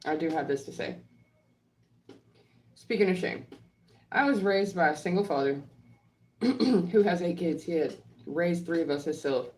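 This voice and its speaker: A woman's voice: on the low side, expressive, unhurried, long pauses, darkish tone, slight background noise. A woman speaking in a heated, profane monologue, blunt and confrontational, hammering her points home with repetition. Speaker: online creator and healthcare professional. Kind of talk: heated monologue answering trolls.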